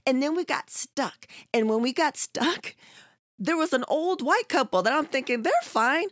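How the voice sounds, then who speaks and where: Animated woman telling a story. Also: high voice, measured pace. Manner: animated, profane, acts out quotes. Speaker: storyteller in casual chat. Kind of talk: casual chat.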